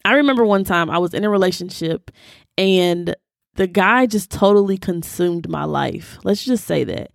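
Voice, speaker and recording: A woman's voice: on the low side, moderate pace, gravelly, no echo, studio quality. A young woman teaching the Bible in a conversational, preachy way, using casual slang. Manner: animated and preachy, with Southern "y'all" slang. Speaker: host of a Bible teaching podcast.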